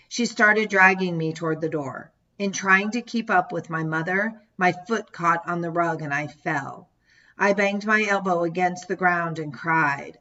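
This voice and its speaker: Lady reading her memoir out loud, lowish voice, steady pace, kinda dull recording. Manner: measured storytelling, lifts into quoted shouts. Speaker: audiobook narrator. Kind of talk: first-person memoir narration. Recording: dull lo-fi audio.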